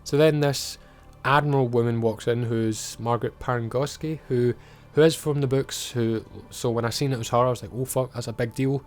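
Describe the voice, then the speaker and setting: A man's voice: medium pitch, fairly even intonation, normal speed, faint music behind. A man with a Scottish accent giving a casual, blunt and sweary recap of a TV episode. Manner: blunt, swears freely, chatty. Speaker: TV show reviewer.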